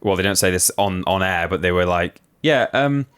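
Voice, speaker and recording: A man co-hosting a podcast, telling an anecdote in relaxed casual chat with plenty of ums. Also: low voice, moderate pace, clear, resonant tone. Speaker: podcast co-host.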